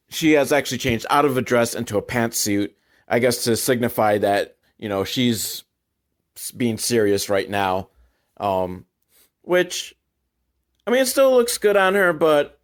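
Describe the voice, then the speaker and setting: A man hosting a comedic movie commentary, rambling with sarcastic, self-deprecating asides and many fillers. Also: on the low side.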